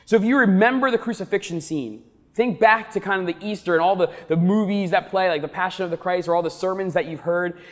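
Man, pastor, sermon, emphatic, high voice, long hall reverb. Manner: emphatic preaching, slows down to stress key words.

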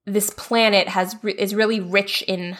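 A woman's voice: medium pitch, fairly even intonation, moderate pace, a bit bright. A woman co-hosting a podcast, chatting casually about a TV episode with many fillers and laughs. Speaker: podcast co-host. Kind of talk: casual chat recapping a TV episode.

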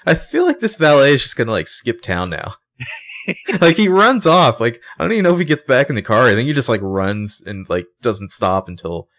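A man's voice: medium pitch, big pitch swings, a little fast, fairly bright tone, no echo. A man co-hosting a podcast, recapping a TV episode in loose casual chat, laughing often. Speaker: podcast co-host.

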